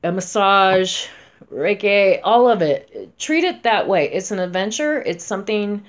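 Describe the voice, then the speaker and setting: A woman in her forties, a spellcaster, talking casually to camera in a chatty, emphatic way, going from loud to soft. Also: mid-range voice, animated, measured pace. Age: 40s.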